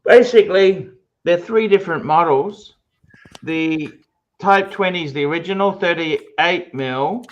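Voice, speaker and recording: A man co-hosting a casual livestream, explaining watch models with effusive praise and halting fillers. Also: high voice. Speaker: co-host and watch expert. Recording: dull lo-fi sound.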